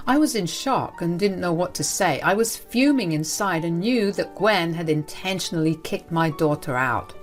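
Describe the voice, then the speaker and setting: Woman, story narrator, low voice, steady scripted read, faint music underneath. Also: moderate pace, hardly any pauses.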